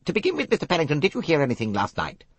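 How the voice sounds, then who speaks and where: A man voicing a cool, brisk older British officer who questions coldly. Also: a little high, wildly swooping pitch, breathy edge, no echo, voice pushed up, heavily acted.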